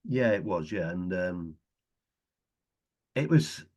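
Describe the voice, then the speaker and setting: A man's voice: deep voice, expressive, takes it slowly, a little mellow. A middle-aged man chatting casually as a guest, telling anecdotes and chuckling often. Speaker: guest, retired footballer.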